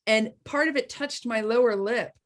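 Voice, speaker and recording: A woman co-hosting a casual wellness chat, telling animated stories, laughing often and trailing off mid-sentence. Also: on the high side, normal speed. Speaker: co-host of a wellness group chat.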